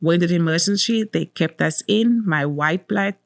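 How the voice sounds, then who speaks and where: A woman's voice: on the low side, moderate pace, no echo, studio quality. A woman in her thirties, a guest telling her personal story with emotion and repeating words for emphasis.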